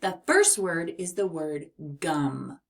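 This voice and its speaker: A woman teaching young children a phonics lesson, speaking clearly and encouragingly. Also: fairly low pitch, expressive, takes it slowly. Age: adult.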